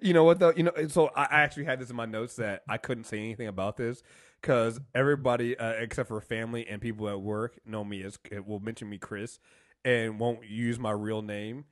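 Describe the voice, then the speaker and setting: A man co-hosting a casual TV review podcast, animated, acting out scenes and laughing often. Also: medium pitch, a little fast. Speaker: podcast co-host.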